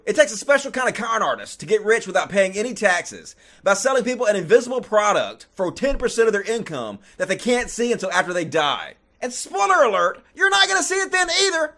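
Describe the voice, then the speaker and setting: A man doing a profane, mocking comedic rant, often shouting. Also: high-pitched. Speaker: comedic commentator.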